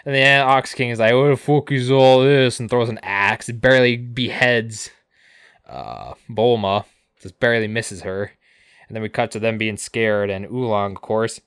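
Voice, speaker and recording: Male co-host, low smooth voice, dry close sound, casual recap with character quotes. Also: sharp tone, no room sound. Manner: recaps with quick put-on quotes. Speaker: podcast co-host recapping episodes. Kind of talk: casual chat.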